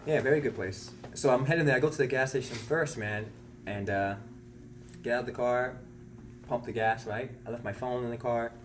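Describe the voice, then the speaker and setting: A man telling a story in a casual podcast chat, lively and swearing, acting out the people in his story, with faint background noise. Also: medium pitch, a little fast. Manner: animated, swears often, acts out voices in anecdotes.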